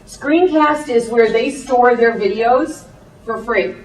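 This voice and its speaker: A woman's voice: a little high, slight background noise. Chatty woman teacher, echoey room. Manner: chatty, quick asides. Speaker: teacher presenting to parents. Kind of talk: classroom presentation. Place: presentation room. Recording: echoey room, far from the mic.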